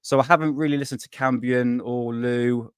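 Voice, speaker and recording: A man's voice: medium pitch, steady tone, normal speed, smooth, no room sound, clean studio sound. A man hosting a casual live stream, rambling and swearing freely, worn out and burnt out, chatting to viewers. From United Kingdom.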